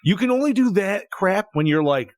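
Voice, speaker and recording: A man in his thirties hosting a casual podcast, telling animated, profanity-laced stories. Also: sits high, normal speed, no room sound. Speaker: podcast host.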